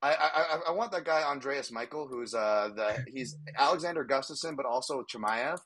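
A male podcast host talks in a loose, rambling way, cracking jokes and laughing as he goes. His voice sounds bright and forward, with a middle pitch. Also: normal speed. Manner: rambling, jokey, laughs often. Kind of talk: casual sports betting chat.

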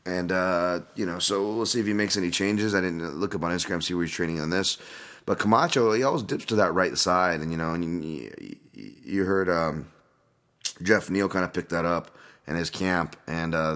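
A man's voice: deep voice, a bit bright. A man hosting a casual solo podcast, rambling loosely through fight picks at home with lots of fillers and restarts. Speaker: podcast host, fight analyst. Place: at home, dog nearby.

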